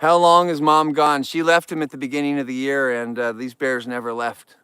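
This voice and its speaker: A man's voice: mid-range voice, level tone, moderate pace, sharp tone, smooth, no room sound. A man hosting a casual live vlog outdoors, talking straight to viewers in an upbeat, rambling way. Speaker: outdoor livestream host. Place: outdoors in the wild.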